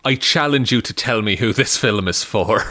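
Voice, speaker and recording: A man's voice: mid-range voice, normal speed, pushed and bright. An Irish man co-hosting a casual movie podcast, wry and jokey, breaking into laughter. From Ireland. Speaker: podcast co-host. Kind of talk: casual chat.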